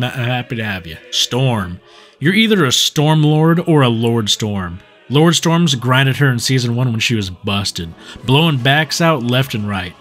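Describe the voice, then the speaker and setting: A man's voice: medium pitch, moderate pace. Sarcastic man roasting over faint music. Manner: sarcastic, roasting deadpan delivery. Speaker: gaming video creator. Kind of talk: scripted comedic voice-over.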